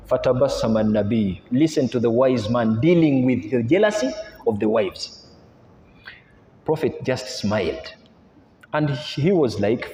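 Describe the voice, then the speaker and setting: Male preacher, lively storyteller, warm tone, roomy reverberant hall. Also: mid-range voice, measured pace. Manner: animated storytelling, mixing languages, rhetorical questions. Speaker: Islamic preacher. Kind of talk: sermon retelling stories. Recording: echoey hall with long reverb.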